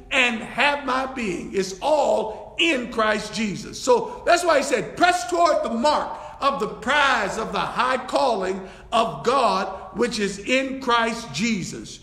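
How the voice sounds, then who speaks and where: A man's voice: very high-pitched, sing-song, takes it slowly, pushed and bright. A man preaching a sermon as a bishop-elect, repeating his phrases and breaking in with praise. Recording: echoey church hall.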